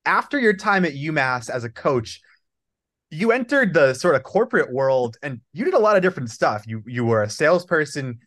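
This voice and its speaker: Man interviewing, measured questions. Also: a little high, big pitch swings, fairly bright tone. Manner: measured, asks long setup questions. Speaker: podcast host.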